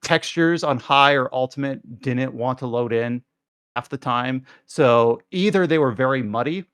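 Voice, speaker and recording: A man's voice: medium pitch, unhurried, fairly bright tone, clear, resonant tone, no room sound. A man talks through a game review on a podcast in loose, casual chat. He keeps restarting his sentences and fills the gaps with "like." His voice sounds dry and close, with no room around it. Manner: rambling, lots of "like" fillers and restarts. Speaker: podcast co-host reviewing games.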